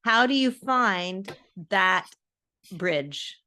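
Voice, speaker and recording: A woman's voice: medium pitch, lively intonation, drawn-out words, pushed and bright. A woman hosting a podcast interview, asking rambling, self-correcting questions. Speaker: podcast host. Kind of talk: casual interview.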